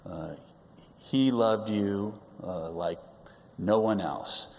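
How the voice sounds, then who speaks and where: Low-voiced man teasing his son in an echoing sanctuary. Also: creaky, a little mellow. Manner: wry, teasing humor with halting pauses. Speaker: father giving a speech at his son's coming-of-age service. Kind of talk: personal speech at a religious service. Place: large synagogue sanctuary. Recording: long hall reverb.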